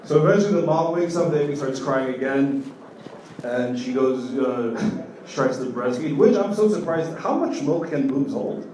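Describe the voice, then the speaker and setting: A young man doing a stand-up comedy set on a club stage, telling loose stories full of "like" fillers and getting loud on the punchlines. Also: mid-range voice, expressive, moderate pace. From Kenya. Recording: echoey club audio from far off, with room noise.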